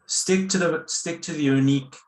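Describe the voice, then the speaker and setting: A man's voice: a little high, moderate pace, reverberant. A man hosting the show, chatting in an upbeat, chummy way. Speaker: host. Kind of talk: casual chat.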